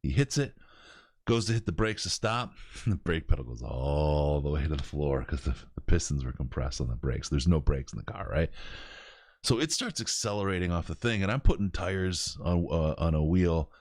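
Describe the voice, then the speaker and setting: A man hosting a podcast, telling stories in an animated way and laughing as he goes. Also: a bass voice, normal speed, dry recording, clean studio sound. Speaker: podcast host. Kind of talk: casual storytelling.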